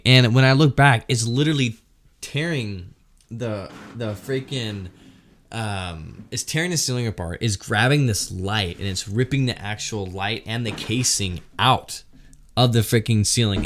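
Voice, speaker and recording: A man's voice: mid-range voice, slight background noise. A man telling a rowdy story casually, laughing often and peppering it with swearing. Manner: animated, laughs often, swears and says "freaking".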